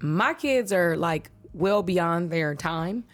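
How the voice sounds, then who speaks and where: A woman in her thirties, a podcast co-host, telling stories in a blunt, profane, animated way. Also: on the low side, slow pace. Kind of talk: casual chat.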